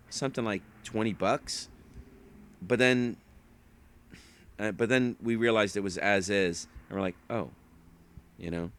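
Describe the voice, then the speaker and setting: Speaking in a mid-range, fairly bright voice, this man rambles casually through his stories as an online reseller. He likes to act out people's quotes along the way.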